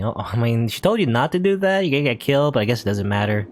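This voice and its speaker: A man's voice: medium pitch, big pitch swings, quick pace, slight background noise. A young man hosting a let's play, reading a visual novel aloud and musing over it, often hedging as he thinks aloud.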